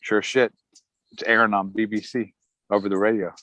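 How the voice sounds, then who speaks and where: Man, middle-aged, army veteran, casual storytelling, lowish voice, dry close sound. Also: normal speed, dry recording, poor audio. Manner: relaxed, chuckling, acts out quotes of others. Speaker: Army Ranger veteran telling his story.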